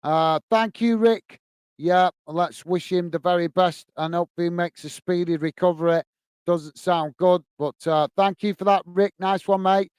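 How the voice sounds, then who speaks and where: A man hosts a casual football live stream and reads out viewer messages one by one. His voice sits fairly high and comes through smooth and close on a dry mic. He thanks everyone warmly and calls each viewer "mate". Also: unhurried, no echo. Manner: friendly, repeats thanks and "mate" often. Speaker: football fan channel host reading live chat.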